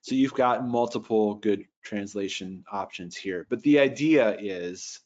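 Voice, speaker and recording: A man's voice: on the low side, darkish tone. Man, casual teacher, talks through ideas with restarts, slightly dull lo-fi sound. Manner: thoughtful, restarts often, reads phrases slowly. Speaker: Bible translation teacher. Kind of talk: casual lecture.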